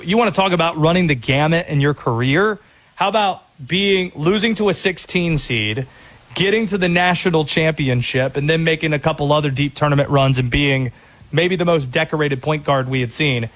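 A man hosting a sports talk radio show, bantering quickly about draft picks. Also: a little high, a bit bright.

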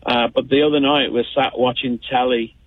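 A man's voice: medium pitch, steady tone, normal speed, dry recording. A man in his fifties from the United Kingdom, calling in to a radio show and rambling chattily with lots of fillers over a phone line. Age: 50s. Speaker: caller. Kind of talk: phone call-in chat.

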